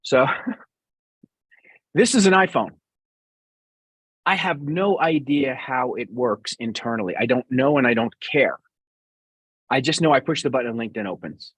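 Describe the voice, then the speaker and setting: A man's voice: medium pitch, animated, a little slow, long pauses, a bit bright, slightly rough, no room sound. A middle-aged man with a New York accent, answering interview questions bluntly and sarcastically as a business guest.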